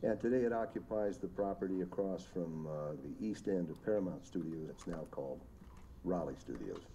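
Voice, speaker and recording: Deep-voiced man telling lively anecdotes. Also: normal speed, a little hiss or hum. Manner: rambling anecdotes with vivid impressions. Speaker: makeup artist. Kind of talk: recorded commentary interview.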